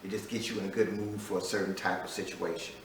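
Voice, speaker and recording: A man's voice: low-pitched, little pitch movement, fast talker, slight background noise. A man introducing his online class as the teacher, emphatic and fond of repeating key phrases. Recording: echoey room, mic at a distance.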